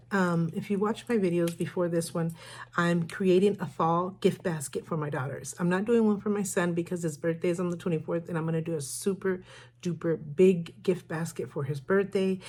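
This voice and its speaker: A woman's voice: on the low side, background noise. An older woman chatting casually in a shopping haul vlog, rambling and correcting herself as she shows what she bought. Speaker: haul vlogger.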